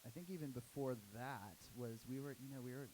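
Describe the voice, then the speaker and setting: A man, a startup co-founder, telling a story casually on a panel, animated and full of "like"s. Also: mid-range voice, fairly quick, a little hiss or hum, rough recording. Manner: animated, many "like"s and restarts.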